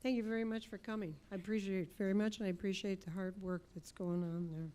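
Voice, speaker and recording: A woman mayor chairing a city council meeting, brisk and procedural with an informal touch. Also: medium pitch, steady tone, warm tone.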